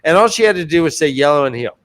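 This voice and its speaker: A man's voice: on the high side, expressive, racing, a bit bright. A man co-hosting a podcast, casually recapping book chapters in loose, profane chat.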